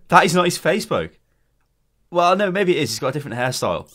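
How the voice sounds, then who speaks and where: A man's voice: a little high, very animated, fairly quick, a bit bright. A young British man co-hosting a let's play, chatting casually, swearing and reacting in mock outrage. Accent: British English. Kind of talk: casual gameplay chat.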